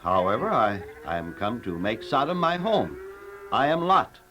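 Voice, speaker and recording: A stammering biblical patriarch with a lively voice in a radio drama. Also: male voice, medium pitch, moderate pace, slight background noise. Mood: hesitant. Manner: hesitant, stammering. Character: Lot, hesitant wealthy biblical man. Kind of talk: dramatized audio Bible story.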